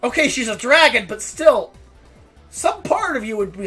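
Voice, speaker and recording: A woman's voice: high-pitched, very animated, normal speed, a bit bright, slightly rough, soft background music. A woman streamer chatting casually, ranting and swearing with frequent laughter.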